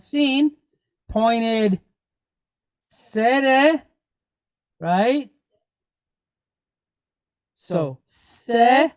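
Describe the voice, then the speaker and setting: A woman's voice: fairly high pitch, a little mellow, no room sound. A woman teaching a Hebrew reading lesson, patiently naming each letter and vowel point and checking in with the class as she goes. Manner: checks in with frequent "right?".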